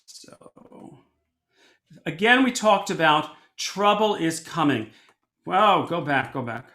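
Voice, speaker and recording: An animated male cantor leads a storytelling lesson in a lively, conversational way, his voice high and bright. He often backs up and restarts mid-sentence. The sound is roomy, with a clear echo around him. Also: slow. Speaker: cantor teaching a storytelling workshop. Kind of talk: workshop lesson. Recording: echoey room.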